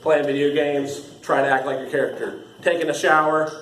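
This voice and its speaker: A man's voice: a little high, flat delivery, brisk. A young man, casually training new staff, rambling, laughing often and using lots of fillers. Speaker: haunt trail actor training new staff. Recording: echoey room with faint ambient noise.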